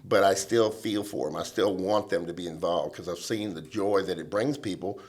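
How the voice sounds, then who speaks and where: A middle-aged man, a lobbying veteran telling lively stories as a podcast guest and acting out the people he quotes. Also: sits low, normal speed. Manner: animated storyteller who acts out quoted people. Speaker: government relations veteran, guest. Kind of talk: casual storytelling chat.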